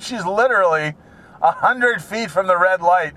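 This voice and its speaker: A man's voice: high voice, normal speed, pushed and bright. A man ranting sarcastically and rambling from topic to topic while he drives his car, swearing now and then. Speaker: vlogger. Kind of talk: rambling driving vlog.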